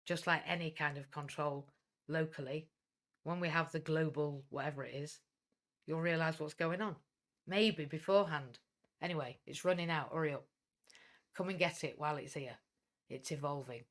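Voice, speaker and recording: A woman's voice: deep voice, moderate pace. A blunt, outspoken woman with a Welsh English accent who runs a coaching business, giving a livestream talk and swearing when she gets fired up.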